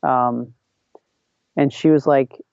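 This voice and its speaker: Podcast guest, male, gravelly, fast filler-heavy storyteller, dull lo-fi mic. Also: medium pitch, steady tone, a little mellow, dry recording. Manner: rambling, heavy use of "like", acts out quotes. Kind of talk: casual storytelling.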